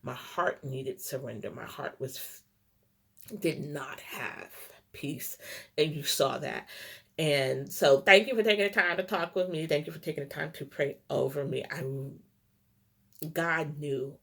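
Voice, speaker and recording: A middle-aged woman speaks slowly and earnestly in a low, gravelly voice. Her talk is a casual devotional, broken into short halting phrases with many fillers. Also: a bit bright. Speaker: Christian vlogger.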